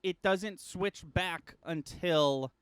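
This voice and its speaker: A man's voice: sits high, very slow, a bit bright, clear, resonant tone, dry recording. A young man co-hosting a casual film podcast, thoughtful and hedging, swearing casually as he lays out his ideas. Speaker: podcast co-host.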